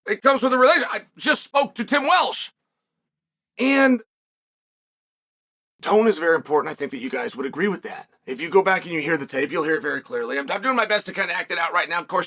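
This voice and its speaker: A man's voice: high-pitched, sharp tone. A middle-aged man hosting a commentary monologue for viewers, emphatic, repeating words and asking rhetorical questions. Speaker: host and former fighter.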